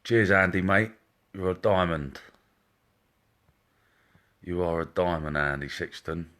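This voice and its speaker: Low-voiced chummy man. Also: takes it slowly, fairly bright tone. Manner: chummy, greets viewers one by one by name. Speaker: psychic medium hosting a live stream. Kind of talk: casual live-stream chat. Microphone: wearing headphones.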